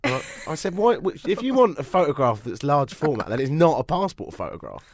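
A man's voice: on the high side, big pitch swings, fairly quick, vocal fry, no room sound. A British man hosting a radio talk show, sniffly with a cold, bantering and joking at his own expense. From Britain. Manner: chatty, self-mocking banter.

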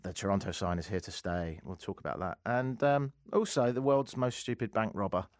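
A man hosting a talk radio show, ranting sarcastically with lively asides from a studio microphone. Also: lowish voice, a little fast. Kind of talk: opinionated talk radio monologue.

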